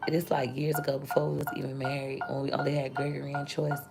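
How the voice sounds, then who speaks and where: A woman chats candidly with her livestream viewers in a deep, heavily gravelly voice. She rambles from thought to thought and stops to thank them. Loud music plays behind her. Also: little pitch movement, fast. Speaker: content creator and mother. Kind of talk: casual livestream chat with viewers.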